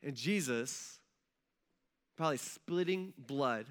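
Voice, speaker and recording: A man's voice: a little high, moderate pace, pushed and bright. A male pastor giving a sermon as casual, conversational storytelling with slang, acting out the voices of the people in the story.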